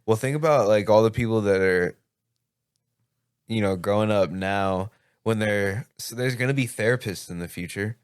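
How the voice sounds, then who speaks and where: A man's voice: lowish voice, moderate pace, clear, resonant tone, no echo, studio quality. A young man guesting on a podcast, laid-back and offhand in casual chat.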